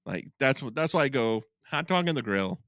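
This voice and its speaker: Male co-host: talkative, laughs easily, lively pitch, dry close mic. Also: normal speed, no echo. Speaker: podcast co-host. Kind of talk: casual music podcast chat.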